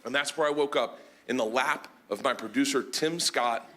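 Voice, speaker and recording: A man telling a story as a stand-up comedian on a club stage, animated and loud, with shouted punchlines and audience laughter behind him. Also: medium pitch, normal speed. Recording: live stage recording with crowd noise.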